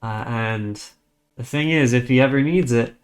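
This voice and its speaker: A man's voice: medium pitch, normal speed. A man casting a rhythm game tournament live, chatty and frank, getting flustered over stream trouble. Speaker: tournament caster. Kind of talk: casual live game commentary. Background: game music.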